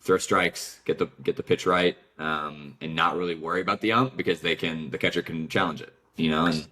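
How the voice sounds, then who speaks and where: A podcast host, a man with a low but bright-edged voice. He talks in a casual, tentative way, as if working out his thoughts while he speaks. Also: steady tone, a little fast. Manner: tentative, thinking aloud. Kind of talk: casual conversation.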